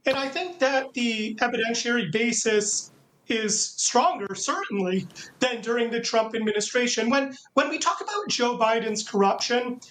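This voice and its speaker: A man's voice: very high voice, normal speed, a bit bright, rough recording. A man, a professor, answering interview questions over a video call in a dismissive, mocking manner. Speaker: professor guest.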